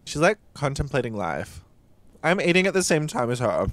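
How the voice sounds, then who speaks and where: A man's voice: fairly high pitch, sing-song, normal speed, a bit bright, dry recording. A young man, a drag queen, chatting casually and swearing freely while playing a life-sim game. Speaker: drag queen let's play host. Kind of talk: casual gameplay commentary.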